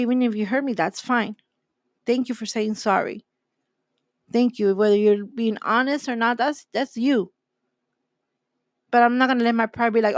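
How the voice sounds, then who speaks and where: A woman's voice: a little high, no room sound, studio quality. Emphatic woman preaching. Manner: emphatic, repeats key phrases. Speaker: host. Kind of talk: preaching-style talk.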